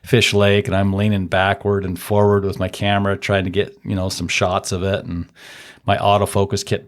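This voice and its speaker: A man's voice: deep voice, monotone, moderate pace. A man, a podcast guest and auto shop owner, telling hunting stories in a casual, enthusiastic and rambling way. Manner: outdoorsy hunting talk. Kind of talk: casual storytelling chat.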